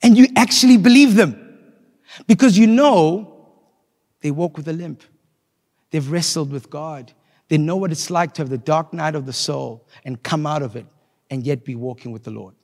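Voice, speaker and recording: A man preaching a sermon, swinging between loud, impassioned rises and quiet, reflective passages as he reads scripture. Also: on the high side, normal speed, big-room sound. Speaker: pastor.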